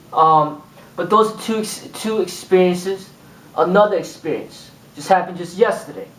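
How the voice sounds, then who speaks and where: A man giving an informal spoken lesson as a kung fu instructor, rambling and acting out exchanges. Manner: rambling, repeats "boom" and acts out exchanges. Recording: echoey room, mic far off.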